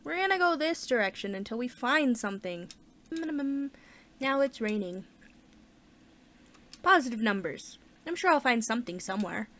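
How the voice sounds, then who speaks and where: एक महिला अपना गेम खेलते हुए बातचीत के अंदाज़ में कमेंट्री करती है, ज़ोर से सोचती है और बीच-बीच में उत्साह से उछल पड़ती है।. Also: female voice, fairly high pitch, normal speed, long pauses. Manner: chatty, thinks aloud, bursts of excitement. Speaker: gaming channel host. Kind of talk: casual let's-play commentary.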